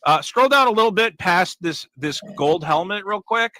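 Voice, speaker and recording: A man's voice: sits high, lively intonation, moderate pace, sharp tone, no echo. A man chatting casually on a stream, pointing out things on the screen. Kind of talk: casual chat.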